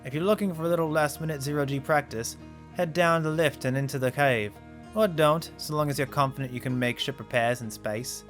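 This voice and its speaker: A man's voice: fairly high pitch, fairly quick, soft background music, close to an everyday voice. A man reading as a teasing veteran flight coach. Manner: wry, teasing.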